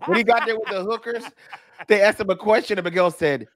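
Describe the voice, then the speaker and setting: A man's voice: sits high, fast, crowd noise. A man, a comedian co-hosting a radio show, chatting casually and plugging his upcoming shows. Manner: laid-back, promotes his shows. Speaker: comedian and co-host. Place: radio studio.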